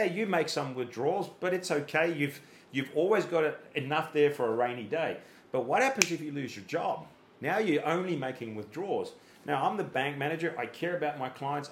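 A fitness coach with a voice on the high side explains things in a podcast conversation, using everyday analogies and small acted-out quotes and often repeating words while thinking. Slight background noise comes through in a roomy, echoey room.

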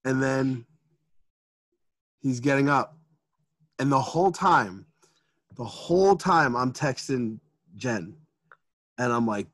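A man in his thirties co-hosting a podcast, telling a story about his kids and acting out quotes with sudden shouts. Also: mid-range voice, lively intonation, takes it slowly, long pauses, dry recording. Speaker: podcast co-host. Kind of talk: casual storytelling.

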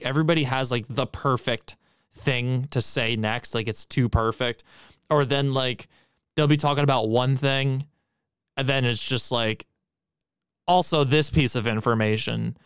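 A man's voice: medium pitch, clear, resonant tone, no echo, studio quality. A man co-hosting a podcast, giving a blunt, profane, emphatic movie critique in casual chat. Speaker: podcast co-host.

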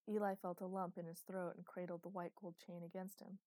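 A woman narrates a story in a steady, even voice. Her voice sits low. The sound is dry, with no room around it. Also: brisk, hardly any pauses, no echo. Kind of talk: audiobook narration.

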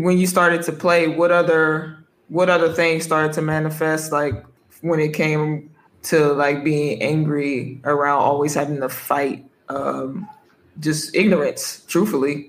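A man hosts the interview and asks long questions that he restarts as he goes. His voice sits a little high. The room adds a clear echo. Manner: searching, restarting questions, many "you know"s. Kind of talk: conversational interview. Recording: echoey room.

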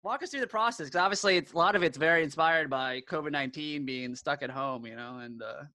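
A man's voice: fairly high pitch, quick pace, sharp tone, no room sound, low-quality recording. A man hosting a casual interview podcast, eager and upbeat, talking with plenty of fillers and restarts. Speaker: podcast host.

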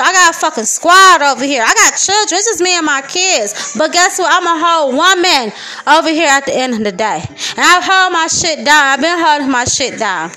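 A woman's voice: high voice, pushed and bright. A young woman with a Detroit accent, venting profanely and heatedly in a casual podcast monologue. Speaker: podcast host.

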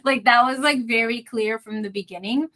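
A woman talks through a book she enjoyed in loose, casual chat. Her voice is bright and forceful and sits a little high, and her words run together with frequent fillers. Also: normal speed. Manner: chatty, frequent "like" fillers, laughs often. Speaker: book club member.

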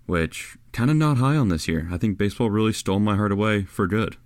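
A man's voice: lowish voice, expressive, brisk, no echo. A young man hosting a casual sports podcast in laid-back, easygoing banter on a close mic. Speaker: podcast host. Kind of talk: casual chat.

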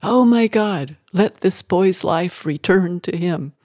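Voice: mid-range voice, fairly even intonation, fast talker, creaky, close to an everyday voice. A reader voicing Elijah, a stern strident prophet. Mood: pleading prayer. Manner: commanding, loud in prayer.

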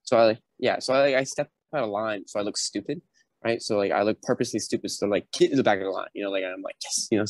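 On a podcast, a young former recruit tells a casual story at a quick pace in a lowish voice. He performs other people's words with animation, and the sound is free of room sound.

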